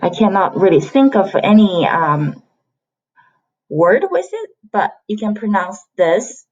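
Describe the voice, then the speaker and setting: A Chinese woman teaches a beginner pronunciation lesson, patiently repeating sounds to model the tones. Her mid-range voice has a darkish tone and is very animated, though she speaks slowly. The lo-fi recording sounds slightly dull.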